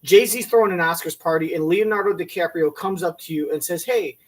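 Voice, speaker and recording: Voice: medium pitch, brisk. A commentator mocking a talk show clip in a crude, profane, sarcastic way.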